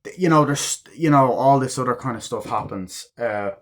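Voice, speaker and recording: A man's voice: medium pitch, moderate pace. A man giving a casual spoken movie review, swearing freely and acting out the characters' lines as he retells the scenes. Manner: excitable, profane retelling that acts out character quotes.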